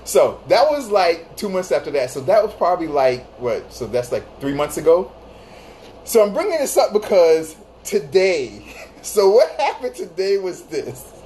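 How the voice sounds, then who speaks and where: A man's voice: sits high, sing-song, normal speed, darkish tone, a little hiss or hum. A man hosting a phone livestream, telling a story casually to his chat. He laughs often and repeats phrases for emphasis. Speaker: livestream host.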